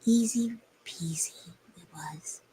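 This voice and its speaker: A woman's voice: fairly low pitch, slow, warm tone, a little hiss or hum. A young woman telling a story on a livestream in a rambling, hesitant way with many fillers. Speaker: streamer.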